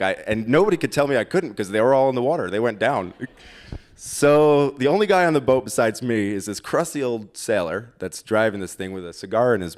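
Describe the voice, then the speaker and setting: Low-ish guy telling a story on stage, chatty and poking fun at himself. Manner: conversational, self-deprecating humor. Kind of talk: personal story told live.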